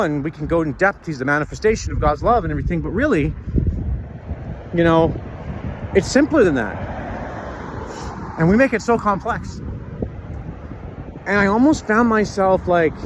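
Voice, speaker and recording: A man talking earnestly and haltingly to camera while walking outdoors, often pausing to search for words. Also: sits high, lively intonation, background noise. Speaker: vlogger. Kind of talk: reflective personal talk.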